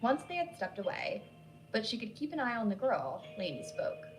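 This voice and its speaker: A woman storyteller giving measured, scripted narration of a spooky tale, with faint music behind. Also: a little high, very animated, rough recording.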